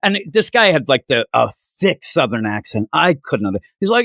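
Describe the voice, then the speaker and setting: A man's voice: normal speed, gravelly, dry recording, studio quality. A man from Minnesota co-hosting a casual comic book review chat, telling anecdotes and acting out the people in them. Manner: animated storyteller, acts out quoted people in high voices. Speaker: comic book podcast co-host.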